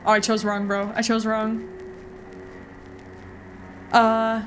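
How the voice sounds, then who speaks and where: A woman streamer chatting casually over a game, reacting bluntly and swearing often. Her voice sits fairly high. A faint hiss stays under the recording. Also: completely flat delivery, takes it slowly, pauses often. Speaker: gaming streamer. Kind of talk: casual gameplay commentary.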